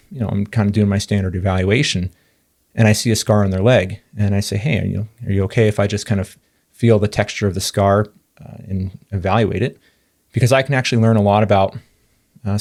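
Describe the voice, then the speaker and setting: A man's voice: lowish voice, a little mellow. A man, a physical therapist in his thirties, talking through patient experiences in a thoughtful, earnest podcast monologue with frequent fillers and restarts.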